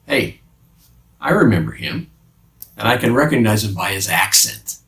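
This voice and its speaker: A man's voice: on the low side, big pitch swings, normal speed, fairly bright tone. A man voicing a smug male bystander who mocks within a dramatic monologue. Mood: mocking. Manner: smug, mocking. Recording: roomy sound from a distant mic.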